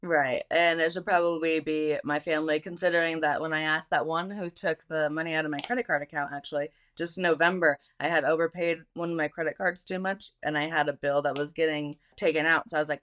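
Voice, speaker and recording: A woman's voice: sits low, steady tone, fairly quick, hardly any pauses, a bit bright, smooth. A woman speaking as the guest in a money interview, candid and self-deprecating about her spending. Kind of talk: candid conversation.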